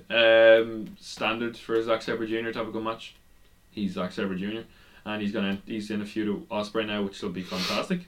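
A man's voice: lowish voice, a bit bright. A young man co-hosting a casual wrestling podcast, rambling through match results with frequent restarts and laughter. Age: young adult. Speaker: podcast co-host.

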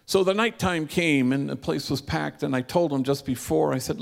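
Male preacher, gravelly voice, vivid storyteller; slows on key lines, long hall reverb. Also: a little high. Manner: vivid storyteller, slowing for emphasis. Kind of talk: sermon storytelling.

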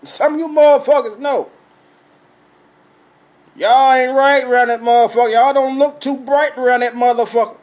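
A man telling a story as a blunt, animated comic rant, swearing constantly and breaking into laughs. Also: extremely high pitch, normal speed, pauses often.

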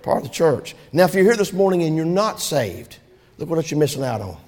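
Man, pastor preaching, high pitched, fervent, long church reverb. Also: sing-song, a little fast. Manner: fervent preaching, swings from loud to soft. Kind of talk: sermon. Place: church sanctuary.

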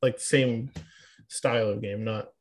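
A man's voice: on the low side, steady tone, unhurried. A young man co-hosting a casual podcast, talking about games with lots of hesitation and restarts. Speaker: podcast co-host. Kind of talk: casual chat.

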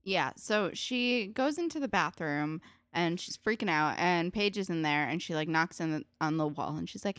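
A woman's voice: lowish voice, fairly quick, fairly bright tone, dry recording. A woman co-hosting a podcast, chatting casually about a TV episode with lots of fillers and swearing. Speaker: podcast co-host. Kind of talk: casual chat recapping a TV episode.

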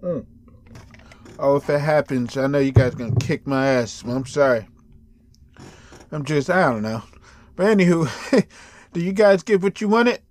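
A man's voice: a little high, a little slow, pauses often, no room sound. A tired man hosting a casual solo podcast, rambling loosely, swearing freely and chuckling between thoughts. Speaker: podcast host.

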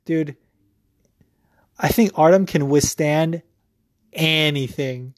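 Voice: mid-range voice, steady tone, normal speed, darkish tone, no echo, studio quality. A podcast host in a casual, profane opinion rant, rambling with lots of fillers. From United States.

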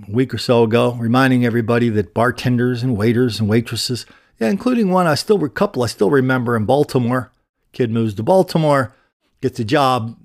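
A man hosting a podcast, telling crime stories in a sardonic, rambling way. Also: medium pitch. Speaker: podcast host. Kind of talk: casual commentary.

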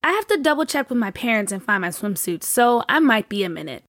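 A shy new girl, played by a woman, speaks softly and hesitantly in a fairly high, lively voice. Her lines sound reserved and low-key, recorded close and dry. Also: quick pace, no echo. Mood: quiet.

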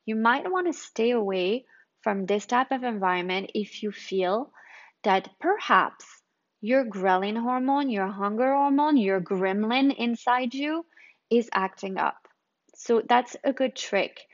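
A woman's voice: on the high side, lively intonation, unhurried, lo-fi sound. A woman hosting a podcast, talking casually and wandering off on tangents before restating her point. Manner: chatty, digressive, restates points. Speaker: podcast host. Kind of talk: casual health talk monologue.

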